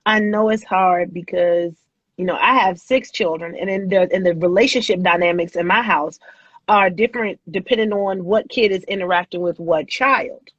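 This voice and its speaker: A woman's voice: fairly low pitch, slightly rough, dry recording. Thoughtful woman with a dull dry sound. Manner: thoughtful, measured, with fillers. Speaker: guest. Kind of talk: reflective casual chat.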